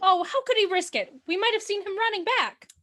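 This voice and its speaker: A woman voicing a suspicious female dinner guest, firing sharp questions. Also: very high-pitched, a little fast.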